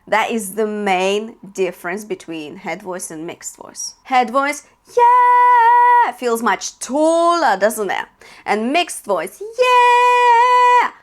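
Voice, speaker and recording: A woman vocal coach giving a singing lesson, encouraging her learners and demonstrating sounds. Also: mid-range voice. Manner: encouraging, directly addresses learners.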